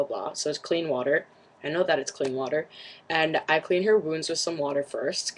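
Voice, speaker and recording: A young vlogger whose first language is Cantonese retells something to camera in casual chat, rambling and shaken, with lots of fillers and restarts. She has a low voice, and the rough recording carries a little hiss or hum.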